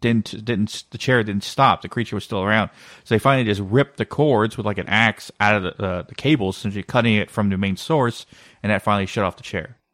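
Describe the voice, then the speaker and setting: A man co-hosting a casual podcast, telling a story in an animated way with lots of filler words. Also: lowish voice, a little fast, dry recording, studio quality. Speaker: podcast co-host. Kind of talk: casual conspiracy podcast chat.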